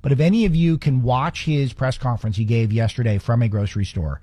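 A man hosts a political talk show and rattles off sarcastic, opinionated commentary. His voice is dark and a little husky. The sound is close and dry, with no room around it. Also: medium pitch, no room sound. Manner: sarcastic, rapid-fire ranting.

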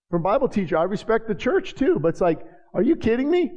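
A man preaching a sermon in a church, joking with the congregation and building to shouted passages. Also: high-pitched, very animated, fast, few pauses. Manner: jokey asides to the congregation. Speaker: pastor. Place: church sanctuary. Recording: hall reverb, dull lo-fi sound.

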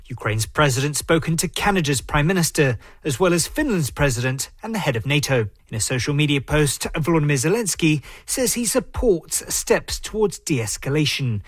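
Male reporter, somewhat high voice, brisk, dry studio. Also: animated, no room sound. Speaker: news reporter. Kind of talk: radio news report.

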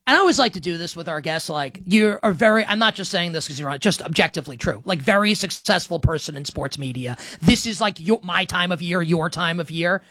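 A man's voice: sits high, lively intonation, brisk, hardly any pauses, a bit bright, no room sound. Rambling young male sports podcast host. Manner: rambling, filler-heavy, self-deprecating. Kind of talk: casual sports talk.

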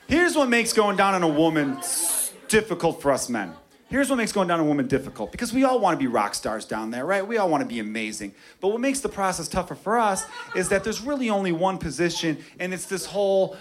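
A man's voice: high voice, very animated, a little fast. A man doing a stand-up comedy set in a club, brash and profane, acting out bits. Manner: brash, profane, acts out voices. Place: comedy club stage with laughing audience. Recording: live club recording with crowd laughter.

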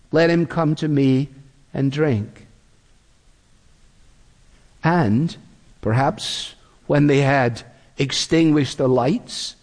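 A man's voice: fairly high pitch, a little mellow. Male preacher in a reverberant hall. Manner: measured and deliberate, dramatizing quotes. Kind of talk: sermon. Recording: long reverb of a large hall.

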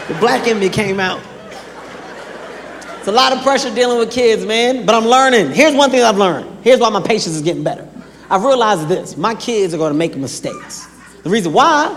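Stand-up comic, man, high voice, animated, shouts at the peaks, long hall reverb, audible crowd noise. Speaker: stand-up comedian. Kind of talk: stand-up storytelling. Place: comedy stage before a live audience.

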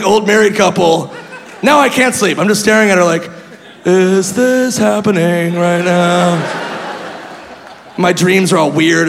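A man doing stand-up, telling a story in an animated, self-mocking way and laughing at his own lines. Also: sits high, vocal fry. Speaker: stand-up comedian. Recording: live hall reverb, faint noise.

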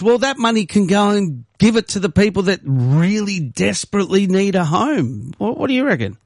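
A man co-hosts a casual chat. He rambles and rants for laughs and slips into loud mock voices. His voice sits a little high and sounds close and dry. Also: moderate pace, hardly any pauses, no echo. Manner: animated, rambling, jokey ranting with bursts of loud mock voices. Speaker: podcast co-host.

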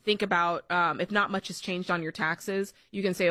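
A woman co-hosting a call-in advice show, explaining things clearly and with emphatic stress. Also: lowish voice, fairly even intonation, normal speed, bright, forceful tone, dry recording. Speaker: radio show co-host.

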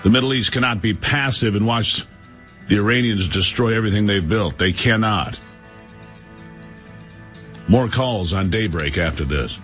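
A man hosting a call-in talk radio show, speaking in a somber, measured way. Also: fairly low pitch, fairly bright tone, soft background music.

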